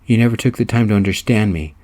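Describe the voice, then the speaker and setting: A man's voice: lowish voice, quick pace, darkish tone, close to an everyday voice. A man voicing a young male designer who speaks curtly and defiantly to his father in a story reading.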